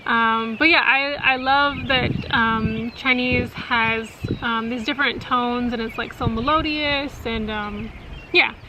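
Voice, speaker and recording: Woman vlogger in her 30s, slightly high voice, chatty and filler-heavy, outdoors with wind noise on the mic. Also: fairly even intonation, takes it slowly. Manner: chatty, many fillers, laughs often. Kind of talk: casual chat.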